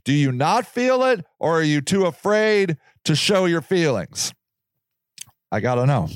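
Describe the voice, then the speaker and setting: A man in his forties talks on his own in a rambling, animated way, firing off rhetorical questions. His voice is fairly high for a man and swings widely in pitch. The sound is close and dry, with no room echo. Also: measured pace. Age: 40s. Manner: animated, exclamatory, full of restarts and rhetorical questions. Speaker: podcast host. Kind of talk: rambling solo monologue.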